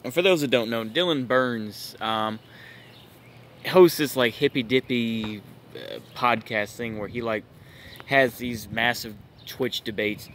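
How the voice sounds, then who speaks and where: At a measured pace, an American man with a mid-range, fairly bright voice rants on his own channel about politics. His tone is exasperated and incredulous, full of fillers like "bruh" and "it's just like," and a little hiss or hum is audible.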